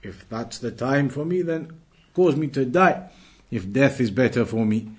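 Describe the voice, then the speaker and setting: A man teaching an Islamic lesson who recites Arabic passages quickly and then explains them patiently, repeating and rewording phrases. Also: medium pitch, animated, darkish tone. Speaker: religious teacher.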